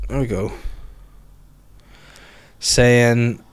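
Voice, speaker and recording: A man's voice: mid-range voice, moderate pace. A man hosting a podcast, chatting casually and joking irreverently as he reads out listener stories. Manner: joking, irreverent, swears freely. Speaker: podcast host.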